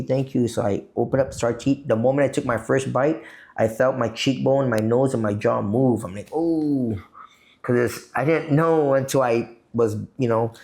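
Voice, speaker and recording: A man's voice: mid-range voice, darkish tone. A man from Guam, a podcast guest, telling a long profane story in a rambling, casual way. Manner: profane, rambling, repeats "you know what I mean".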